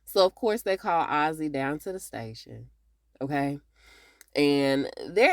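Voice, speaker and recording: A woman's voice: sits low, lively intonation, a little slow, dry recording. A woman giving a casual, chatty TV episode recap, talking straight to her viewers. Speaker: TV recap reviewer.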